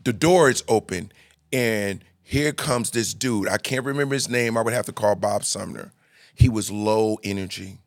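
A man hosting a podcast, telling stories in a casual, animated, slangy way. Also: fairly low pitch, normal speed, no room sound, clean studio sound. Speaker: podcast host. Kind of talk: casual storytelling chat.

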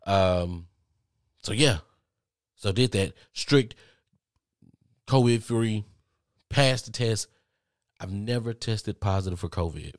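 A man vlogging, telling a story casually to his viewers with lots of cursing and animated asides. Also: on the low side, slow, long pauses, no echo, clean studio sound. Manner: profane, animated, talks straight to viewers.

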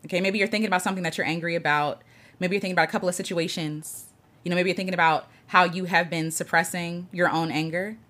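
A woman hosting a livestream, greeting viewers and slowly guiding breathing and spoken affirmations in an earnest tone. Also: on the low side, fairly even intonation, a bit bright. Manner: greets chat viewers by name. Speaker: livestream host. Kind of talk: guided reflection livestream.

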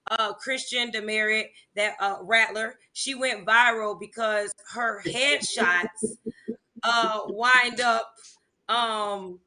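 A woman, a music teacher and songwriter, chatting in an interview and telling animated stories with laughter. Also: a little high, takes it slowly. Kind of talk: casual interview chat.

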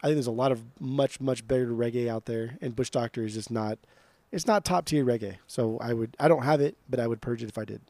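A young man talks in a casual chat with a mellow, warm tone and a dry, close sound. He is blunt and swears freely, often stumbling over repeated words as he starts a sentence. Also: mid-range voice, brisk, dry recording. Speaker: podcast co-host.

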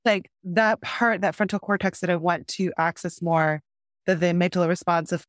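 A young mother of two small children talks candidly and a bit ramblingly on a casual coaching call, acting out her kids' lines. Her lowish voice has fairly even intonation and a moderate pace, recorded at studio quality with no echo.

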